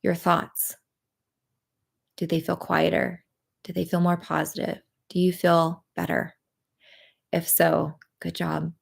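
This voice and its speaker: Gentle woman with a gravelly low voice. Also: flat delivery. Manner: gentle, encouraging, with many pauses and fillers. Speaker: EFT tapping practitioner. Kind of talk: guided tapping session on a livestream.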